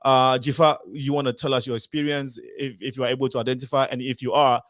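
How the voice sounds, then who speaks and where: A man's voice: medium pitch, level tone, fast, fairly bright tone, dry recording, studio quality. A man moderating a panel discussion, probing and restating his guests' points. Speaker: host.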